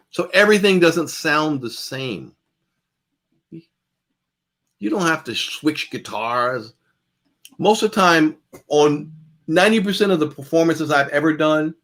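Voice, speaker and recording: A man giving a master class on guitar in a relaxed, conversational way. He repeats phrases for emphasis and swings between loud and soft. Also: on the high side.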